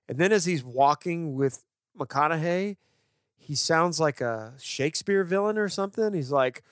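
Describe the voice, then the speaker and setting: A man co-hosting a podcast, chatting about movies with enthusiastic, animated storytelling. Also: on the high side, moderate pace, no echo, clean studio sound. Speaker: podcast co-host. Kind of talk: casual film discussion.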